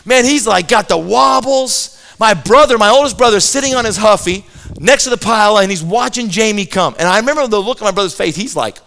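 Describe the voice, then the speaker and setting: High-voiced man telling an animated story. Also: a little fast, creaky. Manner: animated, repeats words when starting sentences. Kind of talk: comic storytelling to an audience.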